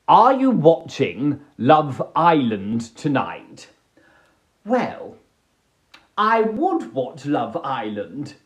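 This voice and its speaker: A man's voice: high voice, echoey room. A British man hosting a live stream from home, chatting playfully and hamming it up with silly voices and singsong asides. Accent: British English. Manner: hammy, singsong, drifts into silly voices and humming. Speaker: live-stream host answering viewer prompts. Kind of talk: playful, theatrical chat. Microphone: phone.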